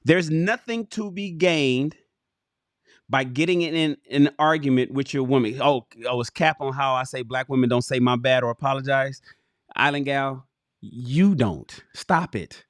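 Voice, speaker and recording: A man's voice: medium pitch, a little slow, no echo, studio quality. A man hosting a livestream, reading a book aloud and breaking off to curse and talk straight to his chat. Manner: profane, animated, talks straight to viewers and chat. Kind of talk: casual livestream reading with commentary.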